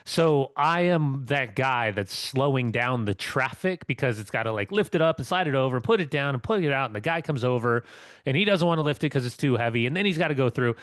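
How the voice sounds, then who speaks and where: A man's voice: mid-range voice, animated, fairly quick, a bit bright, no room sound. Rambling man telling a story, dry sound. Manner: rambling storyteller with many restarts. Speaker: co-host. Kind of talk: casual podcast chat.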